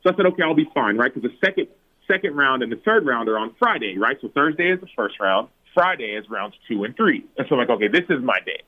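A man in his thirties, a former pro football player, telling a personal story as a podcast guest and acting out his own past words. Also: quick pace. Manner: animated, acts out his own past words with big pitch jumps. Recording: phone-like narrow audio.

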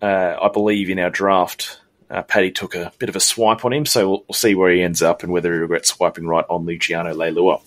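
A man's voice: low voice, level tone, brisk. A man, co-hosting a sports podcast, steadily leading the segments and the news. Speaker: podcast co-host. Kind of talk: casual sports chat.

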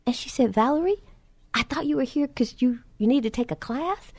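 A woman preacher telling a personal testimony in a sermon, acting out both sides of the conversations and dropping soft and low in reverent moments. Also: animated, brisk, no echo.

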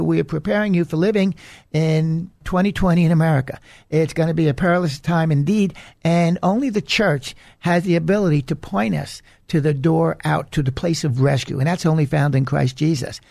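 Gravelly earnest male preacher. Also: fairly high pitch, steady tone, a little fast, darkish tone, dry recording. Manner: earnest, warning, emphatic. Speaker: radio preacher and host. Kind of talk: preaching monologue.

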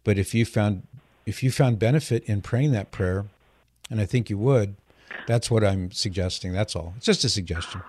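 A man's voice: lowish voice, normal speed, darkish tone, a little hiss or hum. A man hosting a call-in radio show, explaining things in an earnest, patient way.

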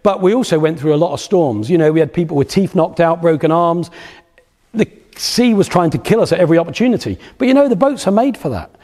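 At a live event in a lecture hall, a business speaker gives a motivational talk, telling anecdotes and repeating phrases for rhythm. His voice is fairly high, warm and expressive, and he speaks fast. The recording has a long hall reverb.

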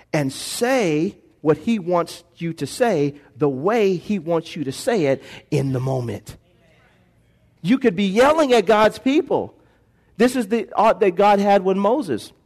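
A man's voice: sits high, a little mellow. A male pastor preaching a sermon in a church on a microphone, calling for responses from the congregation and shifting pace and volume.

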